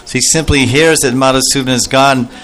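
A man's voice: mid-range voice, fairly even intonation, fairly quick, a bit bright. Man telling a devotional story, faint hiss. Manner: acts out quoted voices with rising emotion. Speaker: spiritual storyteller.

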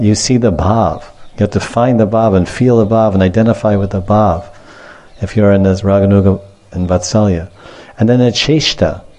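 A man's voice: lowish voice, darkish tone. A man giving a devotional scripture lecture, repeating phrases, wandering into asides, laughing often and acting out the stories he tells. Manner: repetitive, digressive, laughs often, acts out stories. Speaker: spiritual teacher.

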